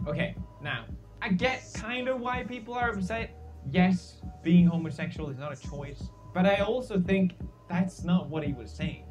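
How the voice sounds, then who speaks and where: A man's voice: sits high, moderate pace. A man giving comedic news commentary with sarcastic, mock-outraged jokes. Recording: distant voice over loud music.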